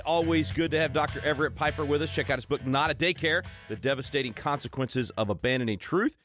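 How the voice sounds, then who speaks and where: A man's voice: medium pitch, no room sound. A man hosting a talk radio show, welcoming and questioning a guest in a conversational way. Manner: conversational, relaxed, with fillers.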